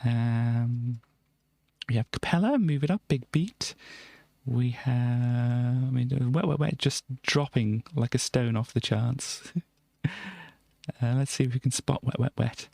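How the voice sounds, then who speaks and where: A woman's voice: very deep voice, a little slow, gravelly, a little mellow, husky, no echo. Rambling woman streamer, dry sound. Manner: rambling, chuckling, with frequent ums and self-corrections. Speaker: livestream host. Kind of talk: casual stream chat reading out old music charts.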